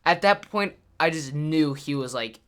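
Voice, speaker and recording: A man's voice: fairly high pitch, lively intonation, unhurried, a bit bright, clear, resonant tone. Teen boy rambling through a storytime. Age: teens. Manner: rambling, filler-heavy retelling. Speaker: YouTuber. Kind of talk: casual storytime.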